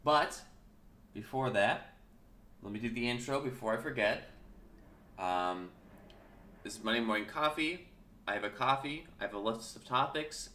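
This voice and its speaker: A man's voice: mid-range voice, animated, moderate pace, long pauses, pushed and bright, roomy sound, a little hiss or hum. A man hosting his own casual morning talk show, rambling and correcting himself, with his early-morning voice still in his throat. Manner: chatty, rambling, self-correcting. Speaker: podcast host.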